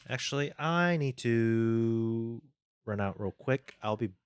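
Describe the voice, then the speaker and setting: A man's voice: medium pitch, animated, slow pace, smooth. A man streaming his game development, thinking aloud as he codes and chatting casually with viewers on a close desk mic. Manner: thinking aloud while coding, muttering to himself; reads chat and thanks viewers casually. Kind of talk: live-stream coding chat.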